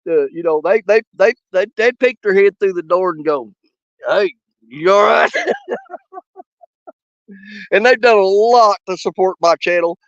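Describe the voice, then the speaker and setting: Middle-aged man, high-pitched folksy fishing host, sick with a cough, laughing through casual shoutouts, dull lo-fi sound. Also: measured pace, pauses often, dry recording. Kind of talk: casual live chat shoutouts.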